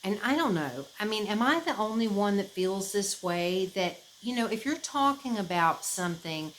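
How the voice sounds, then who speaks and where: A woman from the United States, chatting casually to camera as a vlogger, rambling and expressive, with many fillers and restarts. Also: mid-range voice, normal speed, slight background noise, low-quality recording. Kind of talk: casual chat.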